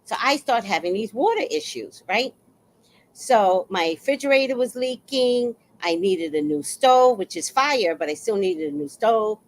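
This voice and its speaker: Animated woman telling a story. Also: a little high, moderate pace, a little hiss or hum, poor audio. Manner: animated, acts out quoted exchanges. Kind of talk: casual storytelling monologue.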